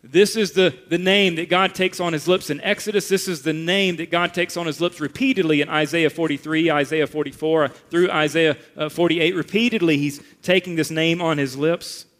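Emphatic male preacher, slightly high voice. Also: steady tone, moderate pace, hardly any pauses, a bit bright. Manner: emphatic, rises and drops for effect. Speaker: pastor. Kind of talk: sermon.

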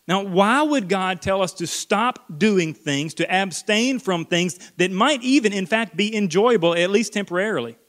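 A man preaching a sermon in an earnest way, repeating words for emphasis and dropping to a hush on key points. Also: high-pitched, moderate pace. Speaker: pastor.

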